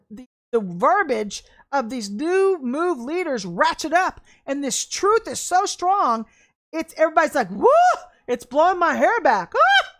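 A high-pitched woman who leads a ministry preaches a sermon online. She is fervent and emphatic, talking in a blunt, folksy way with bursts of excitement.

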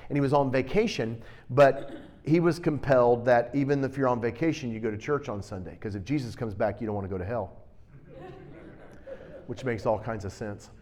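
Animated male preacher, teaching style. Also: mid-range voice, fairly quick. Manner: animated teaching with rising emphatic bursts. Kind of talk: sermon.

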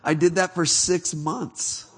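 A middle-aged man preaching a testimony sermon, telling his story with animated laughter, turning soft and hushed when he reflects. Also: a little high, takes it slowly, slight background noise.

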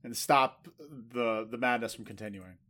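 A man's voice: medium pitch, unhurried, fairly bright tone. A man co-hosting a casual podcast, giving rambling, laid-back advice with plenty of fillers. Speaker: podcast co-host. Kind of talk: casual chat.

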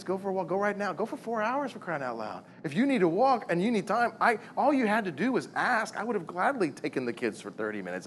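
A man in his thirties preaching a sermon on marriage, animated and full of rhetorical questions and repeated words. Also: high voice, a little hiss or hum. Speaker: pastor.

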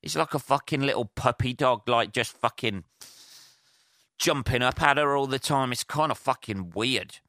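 A man's voice: mid-range voice, moderate pace, bright, forceful tone, no echo, clean studio sound. A man hosting a solo podcast, talking in a rambling, profane, casual rant with many fillers and restarts. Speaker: podcast host. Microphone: handheld portable recorder.

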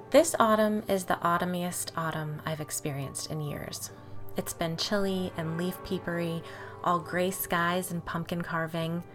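A woman hosting a storytelling podcast, narrating in a chatty, wry, self-deprecating way. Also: on the low side.

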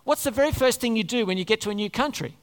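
A preacher giving a sermon to a live congregation, talking in an animated way and often putting questions to the listeners. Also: mid-range voice, fast, clear, resonant tone. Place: large hall before a congregation. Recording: long hall reverb.

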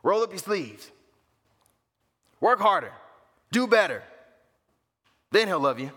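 A man's voice: high voice, big pitch swings, slow pace, pushed and bright, pitched above the performer's own voice, heavily acted. A man putting on a pushy wolf's voice. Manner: insistent, barking commands. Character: pushy male false teacher, the wolf's voice. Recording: long reverb of a large hall.

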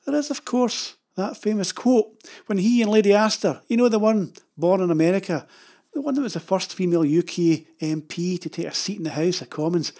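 An older Scottish man tells rambling, wry travel stories in a chatty, digressive way, his high-pitched voice darkish in tone and slightly rough.

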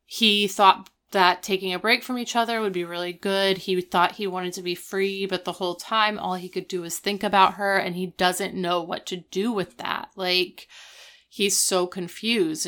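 A woman's voice: lowish voice, fairly even intonation, a little slow, sharp tone. A woman in casual conversation, earnestly retelling an emotional TV scene and quoting the characters. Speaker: podcast co-host. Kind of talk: casual chat.

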